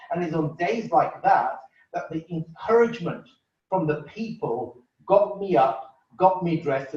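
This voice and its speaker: A man's voice: on the high side, a little mellow. A man giving a sincere, grateful thank-you speech to a crowd. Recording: echoey room, distant dull mic.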